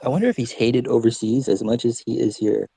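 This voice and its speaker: A man's voice: mid-range voice, steady tone, a little fast, gravelly, warm tone, husky, no echo. A man hosting a casual chat, rambling and restarting, often checking he is understood. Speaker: podcast host.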